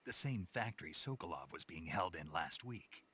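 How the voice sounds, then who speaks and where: An actor playing a gruff, terse male soldier spy in a video game, with a gravelly voice. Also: sits low, animated, normal speed, bright, forceful tone, full character voice.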